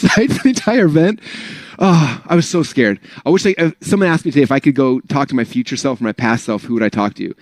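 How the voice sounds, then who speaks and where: Fast-talking man giving a casual pep talk. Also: medium pitch, no echo. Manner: casual, rambling, full of "like" and "right?". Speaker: speaker at an online business training. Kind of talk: motivational talk to an audience.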